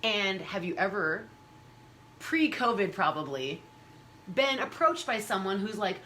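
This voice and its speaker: A woman hosts a casual conversation with a bright, clear voice. She talks animatedly and slips into high voices when quoting others, with a faint hiss under the recording. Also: measured pace. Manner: animated, acts out quoted people in high voices. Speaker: host. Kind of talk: casual chat.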